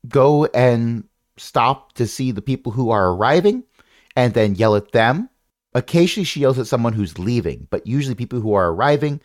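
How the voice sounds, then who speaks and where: A man's voice: medium pitch, darkish tone, no room sound, clean studio sound. A man running a tabletop game as game master, rambling and correcting himself with wry asides.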